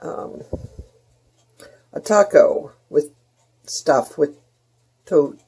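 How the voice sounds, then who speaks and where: A woman's voice: low voice, drawn-out words, mellow, breathy edge. A middle-aged woman, chatting casually in her kitchen as a home cooking vlogger and rambling in homey asides to her viewers.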